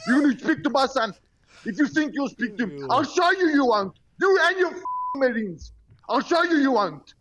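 A father on a phone call to a radio show, shouting and swearing in fury. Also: very high voice, expressive, fairly quick, a crowd in the background. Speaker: prank call victim, a father.

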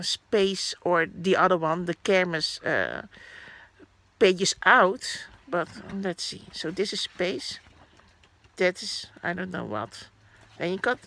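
Slow, chatty woman vlogger. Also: medium pitch, fairly bright tone. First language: Dutch. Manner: rambling, chatty, frequent fillers and self-corrections. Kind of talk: casual haul vlog.

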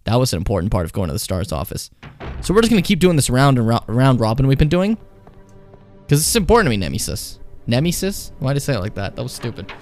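A man's voice: medium pitch, sing-song, quick pace, darkish tone, soft background music. A young man playing a horror game on stream, chatting casually, swearing a lot and taunting the enemy. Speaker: let's play streamer.

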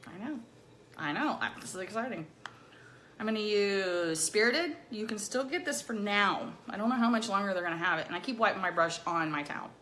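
A woman's voice: mid-range voice, lively intonation, brisk, fairly bright tone, a little hiss or hum. A middle-aged woman chatting casually through a makeup tutorial, bubbly and playful, with silly rhyming words. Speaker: makeup vlogger.

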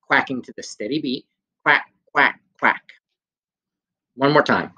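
A man's voice: mid-range voice, unhurried, long pauses, sharp tone, husky. A young man teaching a children's music class over video, playful and sing-song as he gives clues and sings simple songs. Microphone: handheld phone camera.

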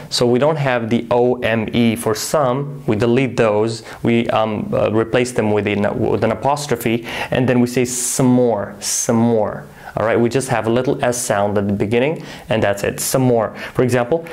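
A man giving an online English lesson, repeating example phrases slowly and carefully and now and then correcting himself. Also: mid-range voice. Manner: corrects himself mid-sentence. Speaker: English teacher.

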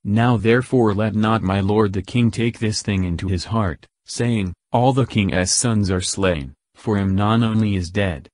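A man's voice: fairly low pitch, a little mellow, no echo, clean studio sound. A man reading as a shrewd royal adviser. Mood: reassuring. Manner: measured, solemn reading. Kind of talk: scripture reading.

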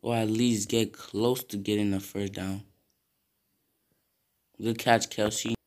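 Slow-talking young man reacting to gameplay. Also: on the low side, little pitch movement. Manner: reactive, swears often, bursts into loud yells. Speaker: gamer streaming a football video game. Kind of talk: casual gameplay commentary.

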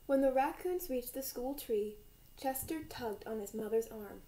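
A young woman, a volunteer reader, calmly reading a children's picture book aloud. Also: a little high, normal speed, poor audio.

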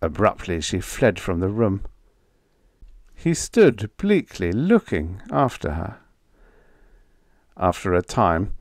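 A man narrates a vintage science fiction story as a calm sleep story, reading slowly and unhurriedly. His low voice moves expressively up and down. The recording is close and dry. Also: gravelly, no echo. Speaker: audiobook narrator.

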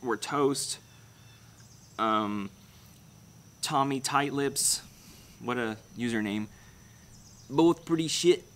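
A man's voice: mid-range voice, extremely slow, pauses often, a bit bright, slight background noise. A young man hosting his channel, chatting casually through viewer comments in a rambling, blunt way and swearing freely. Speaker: channel host. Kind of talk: casual livestream comment chat.

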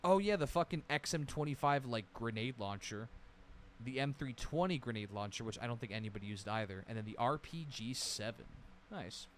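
Male streamer, mid-pitched, loose and rambly, drops a curse here and there, faint background hum. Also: expressive, brisk. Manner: rambling, nostalgic, swears casually, reads out lists. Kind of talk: casual livestream commentary.

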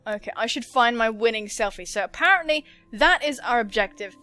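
A young woman commenting on a story game she is playing, excitable and gushing, often squealing and laughing. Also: on the high side, a little fast. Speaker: gaming YouTuber. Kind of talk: let's play commentary.

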